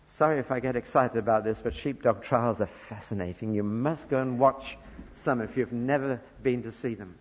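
A man from northern England preaching a sermon, earnest, moving between soft asides and loud emphasis. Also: medium pitch, slightly rough. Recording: dull lo-fi recording with long church reverb.

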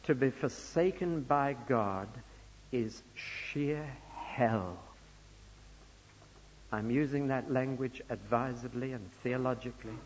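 A man preaching a sermon emphatically, swinging between loud stressed lines and slow, hushed phrases. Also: fairly high pitch, breathy edge. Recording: dull lo-fi recording in a reverberant hall.

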